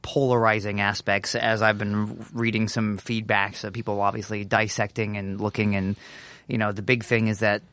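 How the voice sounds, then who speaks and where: A man's voice: fairly low pitch, little pitch movement, moderate pace, a bit bright, dry recording. A man co-hosting a podcast in casual chat, rambling a little and restarting his sentences. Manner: rambling, restarts often, laughs easily. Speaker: podcast co-host.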